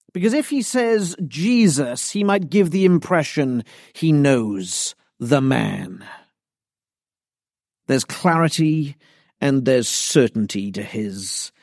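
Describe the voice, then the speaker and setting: A man preaching an expository sermon, deliberate and emphatic. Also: mid-range voice, a little mellow, no room sound, studio quality.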